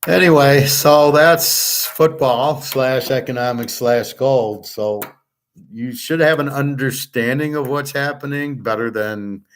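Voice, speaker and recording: A man's voice: mid-range voice, a little hiss or hum. A middle-aged man hosting a betting and economics class, talking in a blunt, profane, rambling rant and lecturing listeners as his students. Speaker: host.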